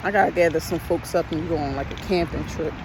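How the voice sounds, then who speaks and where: A man with a fairly high voice talks fast while vlogging on a park hiking trail, with background noise audible. His casual chat rambles and repeats, "like" pops up constantly, and the hills leave him a little out of breath.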